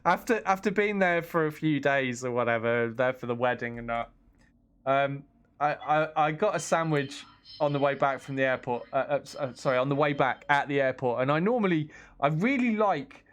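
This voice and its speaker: A man's voice: medium pitch, moderate pace, fairly bright tone, smooth. An English man casually chatting on a game stream, reading chat and laughing at himself. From England. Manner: chatty, self-deprecating, laughs often, reads chat aloud.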